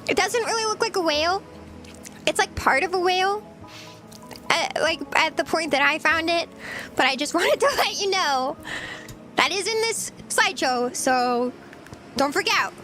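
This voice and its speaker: A woman's voice: very high voice, animated, a little slow, long pauses, bright, forceful tone, faint music behind. A woman VTuber streamer chatting casually with viewers while she eats, giggly and rambling. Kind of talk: casual livestream chat.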